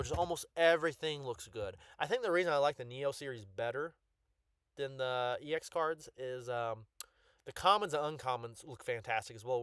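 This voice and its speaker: A man chatting casually through a showcase of his card collection, full of ums and restarts and excited bursts. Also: medium pitch, clear, resonant tone, no room sound, clean studio sound.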